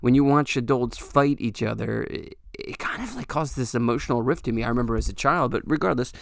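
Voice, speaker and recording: A man's voice: mid-range voice, expressive, fairly quick, creaky. A young adult man hosting a podcast, telling a rambling, profane story in a casual way. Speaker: podcast host. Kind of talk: storytelling monologue.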